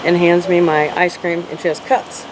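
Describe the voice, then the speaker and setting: A woman's voice: lowish voice, little pitch movement. Earnest middle-aged woman telling her story. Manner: earnest, emotional, halting with restarts. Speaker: interview guest. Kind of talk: emotional personal storytelling. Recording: noisy background hum.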